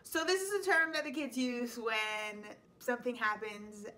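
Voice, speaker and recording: A woman in her thirties hosts a casual explainer vlog as a high school teacher. Her voice is bright and sits a little high. She talks in a chatty, playful way and laughs easily. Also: fairly even intonation, moderate pace.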